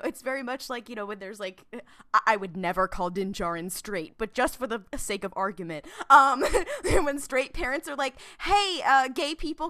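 A woman's voice: medium pitch, pushed and bright. A woman co-hosting a podcast in casual chat, rambling with many fillers and laughing as she talks. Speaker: podcast co-host.

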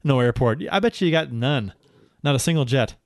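A man's voice: medium pitch, moderate pace, no room sound. Joking male co-host, loose rambling delivery, dry close mic. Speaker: podcast co-host. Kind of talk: casual sports podcast chat.

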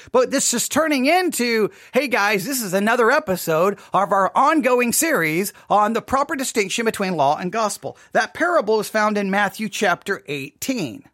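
A man's voice: extremely high pitch, fairly bright tone, dry recording, clean studio sound. A man hosting a show, commenting on a sermon in a loose, conversational way. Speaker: host.

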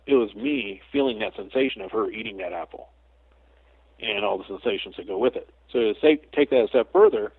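A man's voice: lowish voice, husky, no room sound. A man being interviewed as a guest, an animal communicator who tells his anecdotes animatedly. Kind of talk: storytelling in a podcast interview. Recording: tinny phone-like line.

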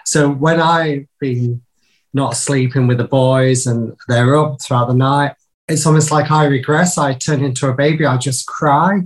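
A man's voice: medium pitch, steady tone, unhurried, low-quality recording. Chatty male podcast host. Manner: chatty and candid, with small restarts. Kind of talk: casual podcast chat.

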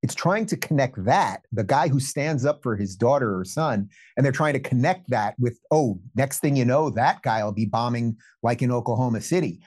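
A man's voice: medium pitch, expressive, moderate pace, few pauses, a little mellow. A man appearing as a guest on a political talk show, talking emphatically and with scorn. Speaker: guest commentator.

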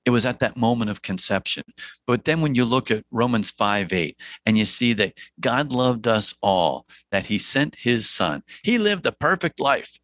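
A man's voice: medium pitch, lively intonation, moderate pace, a bit bright, no room sound. Emphatic New man, dry close mic. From New Jersey. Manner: earnest, emphatic, repeats phrases for emphasis. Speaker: physician guest. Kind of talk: podcast interview, preaching-like testimony.

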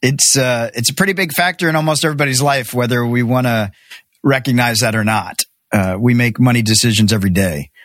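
Male host. Dry, close mic, long questions with fillers and pauses. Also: mid-range voice, fairly bright tone, no room sound. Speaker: interview host. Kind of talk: conversational interview.

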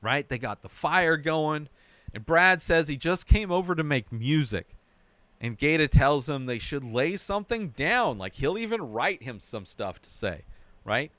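A man hosting a podcast, recapping a TV episode in a casual, animated storytelling way, often tossing in "right?" asides. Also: on the high side, a little slow, dry recording. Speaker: podcast host.

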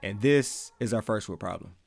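A man with a Midwestern accent hosting a casual faith podcast, talking excitably in slang and repeating his phrases. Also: fairly low pitch, normal speed, creaky, soft background music. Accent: Midwestern American. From American Midwest. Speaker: podcast host.

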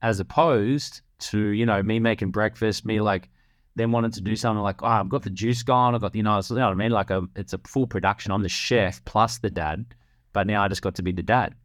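A man's voice: on the low side, fairly even intonation, brisk, no echo, studio quality. A man, telling a rambling personal story as a podcast host and acting out the quoted voices. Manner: rambling, restarts often, acts out quoted voices. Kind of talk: casual storytelling.

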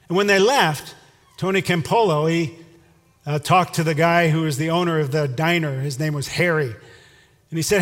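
Man pastor giving a sermon, kinda high voice, long hall reverb. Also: fairly even intonation, a little fast. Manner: storytelling, then earnest closing prayer.

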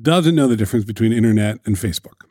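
A man's voice: on the low side, lively intonation, fast, darkish tone, dry recording, clean studio sound. A man co-hosting a casual podcast chat, joking and acting out little scenes in silly voices. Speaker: podcast co-host.

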